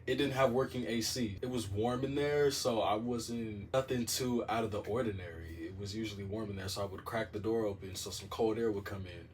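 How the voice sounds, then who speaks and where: A man telling a story in a casual monologue, animated and profane, with a dramatic delivery. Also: lowish voice, a little fast, hardly any pauses, distant mic.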